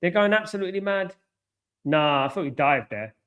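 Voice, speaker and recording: This is a man hosting a live football watchalong stream. His voice sits a little high, and he talks in an excitable, chatty way, reacting to the play and calling out to viewers by name. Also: normal speed, clean tone, lo-fi sound. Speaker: watchalong host.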